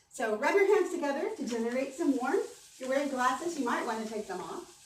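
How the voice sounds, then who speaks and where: A woman voice coach giving an animated, encouraging conference workshop and leading the audience through exercises. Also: a little high. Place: conference hall. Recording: echoey hall, mic from a distance.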